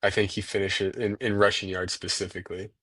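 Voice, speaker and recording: Low-voiced young man on a call. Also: level tone, fairly quick, a bit bright, slightly rough, no room sound. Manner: agreeable, short replies. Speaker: podcast co-host. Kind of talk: casual sports chat. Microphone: video call.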